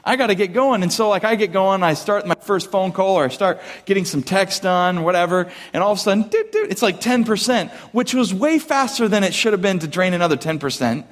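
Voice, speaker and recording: A man in his thirties, a pastor preaching a casual, conversational sermon to his congregation, animated and joking with the room. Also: high voice, fairly quick, hardly any pauses. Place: church hall with live congregation. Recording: long hall reverb.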